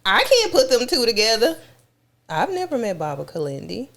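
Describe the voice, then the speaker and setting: A woman's voice: on the high side, huge pitch swings, moderate pace, fairly bright tone. A woman recounting an experience in casual conversation, effusive and repeating words for emphasis. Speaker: guest describing her experience.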